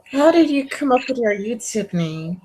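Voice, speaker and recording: A woman interviewing a guest, speaking haltingly with many ums. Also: on the high side, sing-song, a little mellow, rough recording. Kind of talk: casual interview questions.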